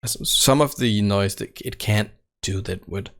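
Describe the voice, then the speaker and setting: Slow, gravelly-voiced man explaining his setup. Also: lowish voice. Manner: halting, many fillers and self-corrections. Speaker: tech channel host. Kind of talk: casual how-to walkthrough. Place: home room without sound treatment. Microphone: close desk microphone right at his face.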